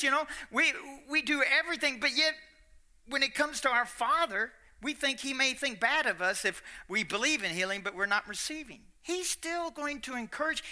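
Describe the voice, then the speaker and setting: Brief: folksy Kentucky preacher, fairly high voice, swings from soft to loud. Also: male voice. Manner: animated, folksy, repetitive, swings between quiet and loud. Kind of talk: sermon.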